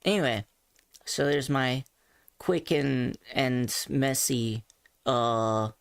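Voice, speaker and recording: A woman teaches voice basics in a low, slow, easygoing way, chatty and given to side remarks and quick self-corrections. Her voice sits close and dry at the mic, with no room around it. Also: steady tone, vocal fry, dry recording. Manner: chatty, thinks aloud with asides and self-corrections. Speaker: voice coach. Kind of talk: casual explanatory teaching. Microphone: desk mic on a face-tracked avatar setup.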